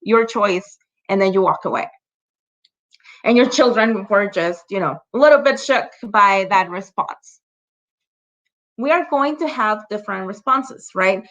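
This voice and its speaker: A woman's voice: medium pitch, animated, measured pace, pauses often, fairly bright tone, dull audio. A woman leading an online training for parents, talking conversationally, checking in often with "right?" and "you know" and laughing lightly between examples.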